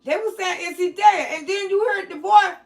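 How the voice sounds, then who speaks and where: Gravelly high-voiced woman ranting. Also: moderate pace. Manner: outraged, shouting and cursing. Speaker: livestream host. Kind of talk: livestream commentary.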